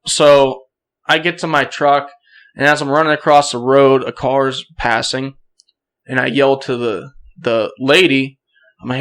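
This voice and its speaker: A young man, a podcast guest, telling a hunting story in a casual, animated way and acting out the quoted voices. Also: mid-range voice, measured pace.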